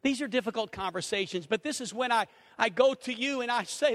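A middle-aged man preaching a sermon, animated, acting out little conversations and swinging between loud and hushed. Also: extremely high pitch, a little fast, hardly any pauses. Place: church sanctuary. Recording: reverberant hall.

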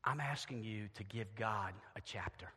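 A middle-aged man preaching a sermon as pastor in a church, moving from quiet, intimate asides to loud, shouted emphasis. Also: on the low side, moderate pace, breathy edge. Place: church sanctuary. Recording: long church reverb.

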